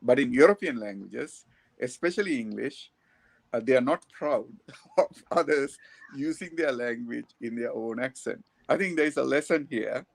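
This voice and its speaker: Gravelly man, dry sound. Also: mid-range voice, no echo. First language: Tamil. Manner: animated, chuckles between points. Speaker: panel speaker. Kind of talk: academic Q&A answer.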